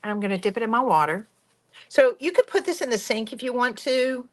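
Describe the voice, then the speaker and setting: A woman's voice: a little high, lively intonation, brisk. A woman hosting a craft tutorial, chatty and enthusiastic as she talks viewers through each step. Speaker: craft workshop host.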